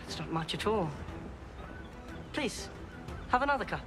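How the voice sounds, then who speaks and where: A man's voice: high-pitched, sing-song, measured pace, bright, forceful tone, soft background music, full character voice. An actor playing a cruel young king with a posh southern English accent, silky and mock-generous.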